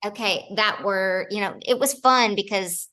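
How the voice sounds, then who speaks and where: Actress guest, woman, bright lively storyteller in a casual interview. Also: medium pitch, unhurried. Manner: animated, acts out other people's lines.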